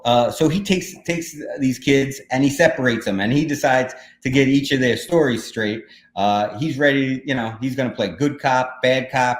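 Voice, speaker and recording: A man casually telling a story on a livestream, rambling with many fillers while he clicks through slides. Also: medium pitch. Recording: echoey room with faint noise.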